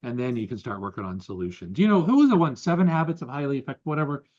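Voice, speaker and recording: Man, podcast co-host, casual talk, animated explainer, muffled audio. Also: medium pitch, rapid-fire. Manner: animated, explains with examples and quotes. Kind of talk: casual conversation.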